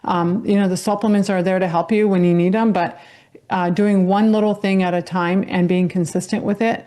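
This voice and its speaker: Woman health educator guest, mid pitch, earnest and encouraging. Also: steady tone, fairly quick, mellow. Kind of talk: casual explanatory chat.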